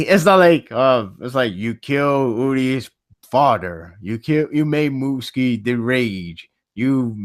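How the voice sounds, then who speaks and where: A man hosting a podcast in casual chat, laughing often and jumping between quick tangents. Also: mid-range voice. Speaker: podcast host.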